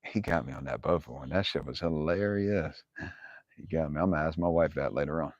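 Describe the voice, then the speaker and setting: In a muffled, dry recording, a man with a very deep voice hosts a live viewer Q&A, speaking fairly quickly. His casual stories are blunt and full of swearing, and he laughs often while angrily quoting himself.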